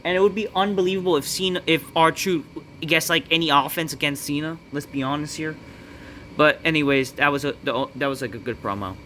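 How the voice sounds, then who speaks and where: A man's voice: a little high, a little fast, a bit bright, a little hiss or hum. Profane, dismissive man ranting. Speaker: wrestling reviewer. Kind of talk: ranting review vlog.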